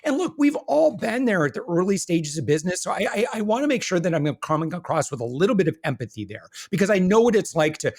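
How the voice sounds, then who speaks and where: Candid, slightly high-voiced male guest. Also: very animated, fast, few pauses. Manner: candid, self-deprecating, filler-heavy. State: briefly choked up. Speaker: podcast guest, entrepreneur. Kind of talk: conversational interview storytelling.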